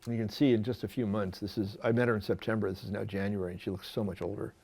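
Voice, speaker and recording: A man's voice: on the low side, fairly even intonation, fast talker, creaky, a little mellow, slightly rough. A man, a photographer, telling a long personal story in a talk, often stopping and repeating words as he acts out dialogue. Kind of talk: storytelling lecture with slides.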